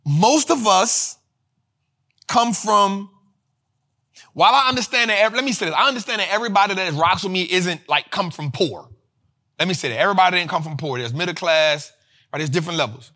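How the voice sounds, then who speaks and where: Man, high voice, bright, slangy, animated, repeats lines for emphasis. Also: fairly quick. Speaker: finance show host. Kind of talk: energetic casual commentary.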